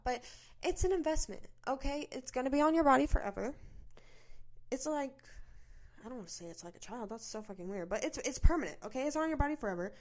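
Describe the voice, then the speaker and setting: Woman podcaster, fairly high voice, chatty and blunt, casual solo talk. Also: a little mellow. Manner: chatty and candid, addresses listeners as guys, swears casually. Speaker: podcast host.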